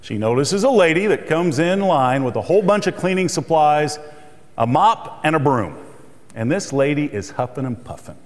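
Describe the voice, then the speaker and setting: A man's voice: a little high, expressive, moderate pace. A middle-aged man giving a humorous motivational keynote speech, telling jokes and stories to a conference audience. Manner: storytelling, joking. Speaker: keynote speaker. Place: conference hall. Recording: reverberant hall.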